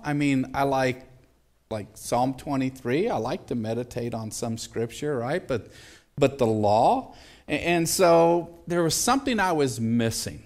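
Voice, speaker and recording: A man's voice: mid-range voice, lively intonation, normal speed. A middle-aged male pastor preaching a sermon in a loose, joking, conversational way, often asking the congregation questions. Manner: conversational, jokey, asks the audience questions. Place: church sanctuary.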